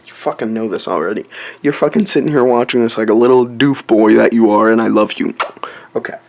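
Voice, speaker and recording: Recording a goofy song, a young man alternates mock singing with rambling asides in a playful, self-recorded rap session. He's a comedy vlogger whose mid-range voice is a little mellow with vocal fry, and he talks a little fast.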